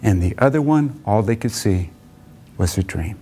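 A man giving an earnest, reflective lecture who tells stories and slows down and drops low for emphasis. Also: animated, warm tone, a little hiss or hum. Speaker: motivational lecturer.

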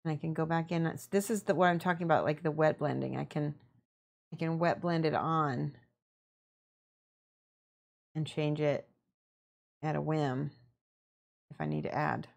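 A young woman casually explaining her painting as she works, chatty and relaxed, answering her viewers and laughing often. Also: sits low, moderate pace, vocal fry, long pauses. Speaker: miniature painting streamer. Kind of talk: casual painting tutorial chat.

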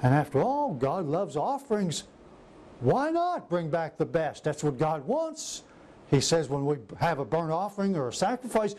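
A man's voice: fairly high pitch, moderate pace. A man preaching a sermon who acts out scripture scenes in different voices. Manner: animated, acts out biblical quotes in varied voices.

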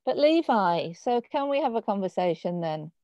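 A woman from Birmingham, England, with a Birmingham accent hosts a conversation over a video call, chatty and hesitant with many ums and restarts. Her medium-pitched voice is warm, moves at normal speed, and swings widely in pitch. The video call audio is dull and lo-fi, without echo.

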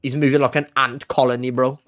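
A man's voice: medium pitch, level tone, brisk, fairly bright tone. A young man giving live gameplay commentary, swearing, yelping and screaming in panic, and talking to his chat. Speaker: gaming YouTuber.

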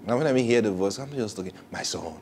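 A man with a Nigerian English accent preaching a sermon, animated and laughing, swinging from loud exclamations down to hushed asides. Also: medium pitch, very fast, music in the background. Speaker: pastor.

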